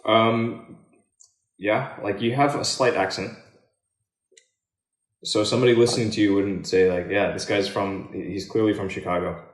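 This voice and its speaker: A laid-back man hosts a casual stream chat, encouraging his guest and swearing easily. His voice sits fairly low. The room has a noticeable echo. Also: steady tone, moderate pace, long pauses. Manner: casual and encouraging, swears freely, says "dude" often. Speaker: host.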